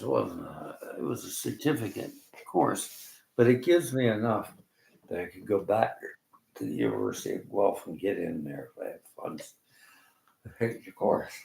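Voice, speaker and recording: A man speaks in a low, heavily gravelly voice that swings widely in pitch. He rambles through a personal monologue, halting and emotional, and often sinks to a near-whisper. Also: animated, a little mellow.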